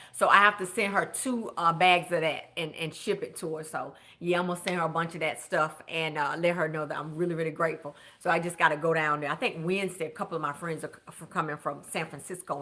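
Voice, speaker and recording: A woman, a budget coach chatting casually with viewers in an animated way, shouting out greetings to them. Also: deep voice. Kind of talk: casual live-stream chat.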